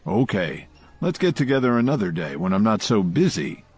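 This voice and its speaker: A man's voice: lowish voice, big pitch swings, moderate pace, a little mellow, slightly rough. A man narrating an audio story voices a confident, generous male friend who insists on giving a gift. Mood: hurried.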